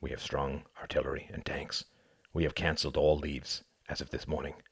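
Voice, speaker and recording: A man voicing a grave, stern French general in an audiobook, with a rough voice. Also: very deep voice, flat delivery, moderate pace, no room sound, studio quality, exaggerated voice. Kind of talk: audiobook character reading.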